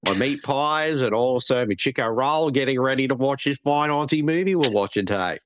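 A man's voice: mid-range voice, lively intonation, brisk, fairly bright tone, no echo. An Australian man co-hosting a casual podcast, joking and laughing often. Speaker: co-host. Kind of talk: casual chat.

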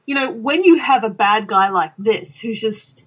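Husky, giggly woman on dull audio. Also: on the high side, animated. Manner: giggly, sarcastic, quick to laugh. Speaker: movie watch-along co-host. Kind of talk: casual commentary over a film.

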